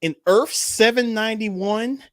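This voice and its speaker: A man's voice: high-pitched, unhurried, dry recording, studio quality. A man co-hosting a live podcast, teasing a friend in a playful way. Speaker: podcast co-host. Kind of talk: live podcast chat about a film.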